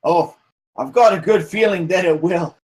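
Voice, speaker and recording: A man's voice: high-pitched, normal speed, a little mellow, lightly acted. A man voicing a wary village father with an axe, who stammers and wants the stranger gone. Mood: falsely friendly. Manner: stammering, curt, eager to send strangers off.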